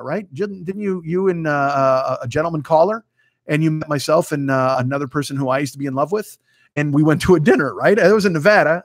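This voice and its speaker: A man's voice: a little high, no echo. A man in his fifties hosting a casual livestream from a home studio, chatting with viewers in a profane, rambling, self-mocking way. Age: 50s. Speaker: host. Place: home studio with green screen.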